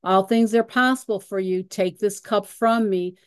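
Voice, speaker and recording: Woman teacher reading and explaining scripture, mid pitch, unhurried and halting, dry recording. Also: clean tone, no echo. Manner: reads scripture aloud, pausing often with fillers and repeated "again". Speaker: Bible study teacher. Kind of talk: Bible study teaching.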